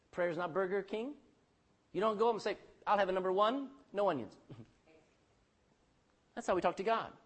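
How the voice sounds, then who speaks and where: A pastor preaching a sermon, calling out for amens and dropping between loud bursts and hushed lines. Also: male voice, high voice, breathy edge. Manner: calls for amen from the congregation.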